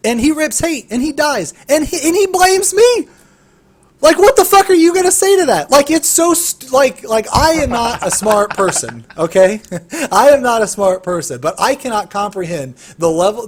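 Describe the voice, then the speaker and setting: A young man with a high voice tells a heated gaming story on a casual podcast. He swears freely and rants with animated, rising energy. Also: husky. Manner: animated, profane ranting storyteller. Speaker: podcast co-host.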